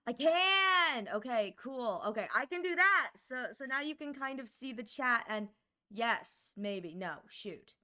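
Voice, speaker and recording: A woman's voice: on the high side, a little slow, smooth. Bubbly giggling woman streamer. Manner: bubbly, giggly, animated greetings to chat. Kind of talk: casual live-stream chat.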